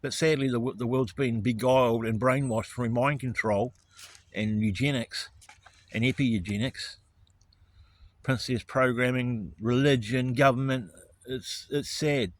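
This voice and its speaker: A man's voice: mid-range voice, steady tone, a little slow. Profane, ranting man. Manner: angry, profane, righteous indignation. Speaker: vlogger. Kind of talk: ranting monologue to camera.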